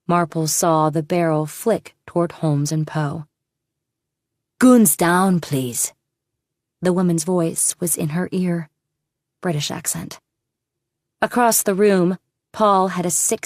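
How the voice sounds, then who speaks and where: A woman narrates an audiobook with a low, gravelly voice at a slow, measured pace. Her steady delivery sits close to the mic in a dry, dead room. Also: no echo. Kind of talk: scripted narration.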